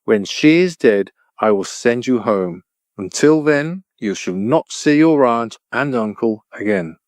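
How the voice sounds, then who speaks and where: Giant floating wizard head, male, slow, commanding, dry storybook reading, done by a man. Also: mid-range voice, lively intonation, darkish tone, no room sound, close to an everyday voice.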